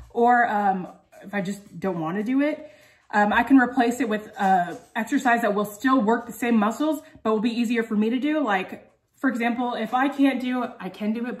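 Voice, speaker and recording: A young woman chatting casually in a home vlog, full of "um" and "like" and out of breath after a workout. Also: a little high. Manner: chatty, many fillers like "um" and "like". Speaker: vlogger.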